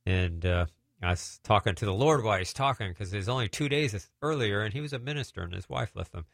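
A middle-aged man telling lively deliverance stories in a casual way, acting out the voices of the people he quotes. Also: on the low side, fast talker, gravelly, dry recording, clean studio sound. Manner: animated, acts out quoted voices. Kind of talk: casual storytelling testimony.

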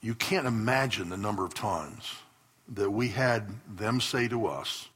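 A man's voice: on the low side, a little slow, fairly bright tone, slightly rough. A man preaching a sermon to his congregation as pastor, telling stories with earnest bursts of emphasis. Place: church hall before a congregation.

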